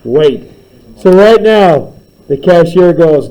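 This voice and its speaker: A man runs a math class in a classroom, turning problems into silly tall tales about his students. His voice sits a little high, with a dark, mellow tone. He keeps it playful and teasing. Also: sing-song, takes it slowly, poor audio. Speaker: math teacher. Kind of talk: classroom teaching with comic story problems.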